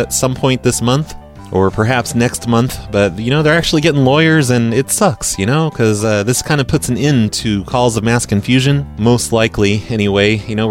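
A man hosting a prank-call show talks in a loose, rambling way full of fillers, at a middling pitch. Faint music plays softly behind him. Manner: rambling, chatty, many fillers. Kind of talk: casual podcast monologue and prank calls.

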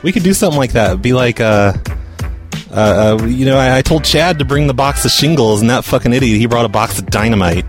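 A man's voice: mid-range voice, animated, a little fast, music in the background. A man making prank phone calls and chatting between them, stammering and teasing. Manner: mocking, stammering, playful. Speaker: prank caller. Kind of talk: prank call livestream chat.

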